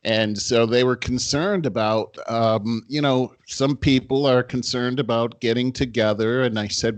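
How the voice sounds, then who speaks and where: A man's voice: medium pitch, steady tone, measured pace, few pauses, no room sound. Middle-aged man, dry storytelling co-host. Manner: anecdotal, chuckles through stories. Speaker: podcast co-host. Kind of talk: casual chat. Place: home in Los Angeles.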